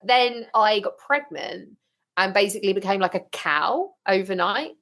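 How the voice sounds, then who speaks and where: A woman talking as a podcast guest, telling her story frankly and with lively, blunt humour. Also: medium pitch, moderate pace. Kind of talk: casual interview chat.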